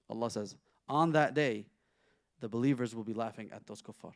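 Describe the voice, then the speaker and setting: A sheikh teaching an interactive Quran lesson in a conversational way, asking his listeners questions and reciting Arabic verses quickly. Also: medium pitch, no room sound, studio quality.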